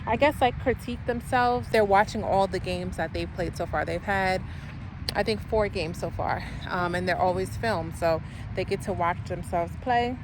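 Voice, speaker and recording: A woman's voice: lowish voice, normal speed. A woman chatting casually in a rambling way with lots of fillers, vlogging about her day as a mom. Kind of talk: casual vlog chat. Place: in and around a car, outdoors. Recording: noisy outdoor and car ambience.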